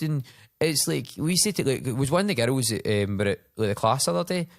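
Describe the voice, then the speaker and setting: Young scottish man, fast rambling chat, dry close sound, personal trainer, storyteller. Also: medium pitch, animated, vocal fry, no room sound. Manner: rambling storyteller, acts out voices in anecdotes. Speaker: personal trainer and podcast host. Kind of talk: casual chat.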